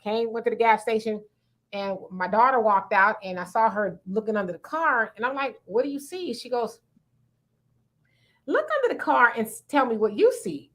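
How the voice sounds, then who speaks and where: A middle-aged woman with a high, bright voice, chatting casually as host of a live talk. She tells stories with animation, jumping into the voices of the people she quotes. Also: animated, moderate pace. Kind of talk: casual storytelling chat.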